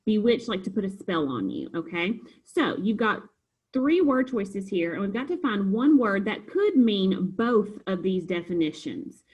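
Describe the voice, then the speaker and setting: Patient woman teacher with a husky voice. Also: medium pitch, big pitch swings, unhurried, darkish tone, poor audio. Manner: patient, step-by-step explaining. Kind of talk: recorded homework review lesson.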